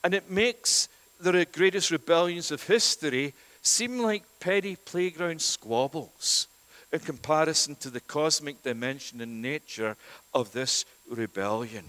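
A man's voice: on the high side, unhurried, a bit bright. A man preaching a sermon in a church, earnest and emphatic, with rhetorical questions and a habit of saying "it is that". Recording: long church reverb.

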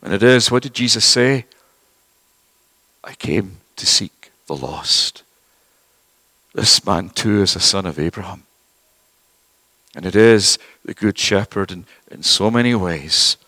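A man's voice: lowish voice, normal speed, bright, forceful tone, no echo, low-quality recording. A man preaching a sermon earnestly and emphatically, asking his listeners questions and often repeating and restarting phrases.

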